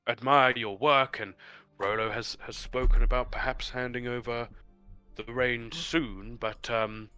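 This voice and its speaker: A man's voice: mid-range voice, fairly even intonation, a little slow, pushed and bright, clean tone, faint music behind. A man voicing a flustered, evasive male council member who stammers and hesitates. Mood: nervous, placating. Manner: hesitant, stammering, full of ums.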